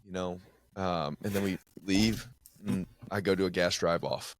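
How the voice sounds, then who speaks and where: A man who hosts a podcast and works as a police officer, chatting casually and sharing his own stories at an unhurried pace. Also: deep voice, steady tone. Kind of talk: casual interview chat.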